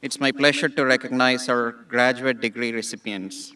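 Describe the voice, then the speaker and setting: Man reading graduate names in a measured voice at an outdoor ceremony, from a distant microphone. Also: mid-range voice, fairly even intonation, pushed and bright. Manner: measured, reads names slowly with small restarts. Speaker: associate dean announcing graduates.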